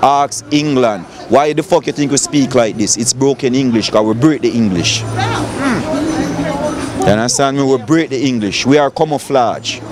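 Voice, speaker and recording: A man's voice: mid-range voice, moderate pace, over music. A middle-aged Jamaican man preaching on a city street in a fiery, profane, lecturing manner. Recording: loud street crowd noise.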